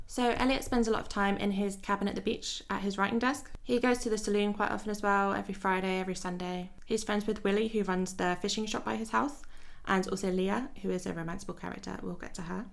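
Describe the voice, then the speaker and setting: A woman's voice: mid-range voice, steady tone, quick pace, vocal fry. A woman giving casual video-essay commentary in a playful, wry way, laughing between jokes. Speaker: YouTuber.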